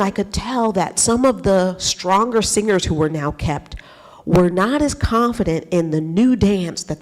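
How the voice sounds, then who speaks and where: A woman giving a talk as a guest speaker, telling a personal story with lively acted-out thoughts and frequent laughs. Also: lowish voice. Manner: animated, acts out her own past thoughts; laughs often between phrases.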